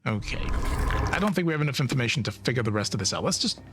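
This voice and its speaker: A man's voice: mid-range voice, lively intonation, very fast, over music. A man streaming a video game, chatting casually and thinking aloud with frequent laughs. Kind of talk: casual let's-play commentary.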